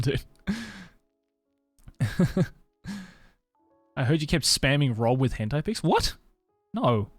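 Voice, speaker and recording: This young man talks casually with his live-stream viewers, laughing often and cursing freely, in an Australian accent with an international mix. His medium-pitched voice has no echo.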